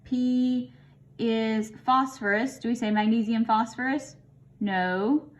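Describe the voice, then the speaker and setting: Slow-talking woman teaching a chemistry lesson. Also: a little high, fairly even intonation. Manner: casual, chatty, thinks aloud with mild humor. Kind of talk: recorded lesson explanation.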